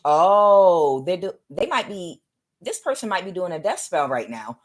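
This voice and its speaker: A woman's voice: on the low side, sing-song, measured pace. A woman giving a live tarot reading, talking in a rambling, repetitive way and speaking straight to her viewers. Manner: rambling and repetitive, many restarts; addresses viewers directly. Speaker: tarot reader.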